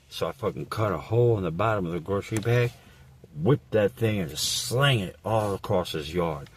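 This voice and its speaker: A man telling a rambling, crude comedic story in a deadpan, profane way. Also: low-pitched, slightly rough. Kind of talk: absurd improvised comedic monologue.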